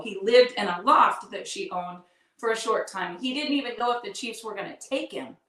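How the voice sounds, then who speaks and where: A woman's voice: fairly high pitch, bright, forceful tone. A middle-aged woman host telling a personal story in an earnest, heartfelt way, talking straight to her listeners. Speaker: podcast host. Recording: echoey room, distant mic.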